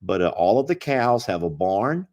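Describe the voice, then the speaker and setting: A man talks casually on a livestream. His pitch sits low but swings about a lot, and his folksy, playful chat rambles with frequent restarts. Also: sing-song, normal speed, darkish tone. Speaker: animal sanctuary owner, livestream host.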